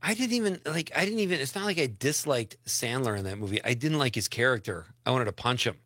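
A male radio host, chatting casually and reading out listener notes. His pitch moves about in a lively way and his tone is bright. The studio sound is close and dry. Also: quick pace, no echo. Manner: chatty, reads listener messages aloud.

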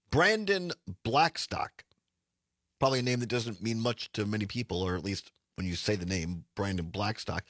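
A male radio talk show host with a hoarse, raspy voice, talking in a casual, halting way with frequent restarts. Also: mid-range voice, fairly bright tone, no echo, studio quality.

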